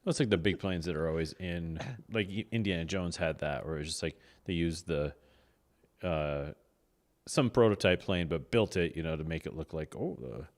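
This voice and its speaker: A man co-hosting a casual movie review podcast, laid-back and quick to agree. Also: sits low. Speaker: podcast co-host.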